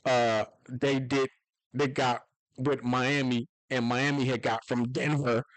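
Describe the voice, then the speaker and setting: A man hosting a football talk channel, chatting on his own in a rambling, self-interrupting way that keeps breaking into excited outbursts. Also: medium pitch, slow, dry recording, low-quality recording. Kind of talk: casual solo commentary.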